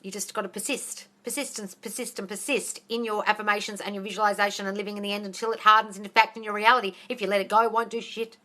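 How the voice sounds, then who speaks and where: A woman answering viewers' questions on a live phone stream, talking fast and bluntly, swearing and calling everyone darling. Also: medium pitch, steady tone, pushed and bright. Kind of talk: casual live Q&A.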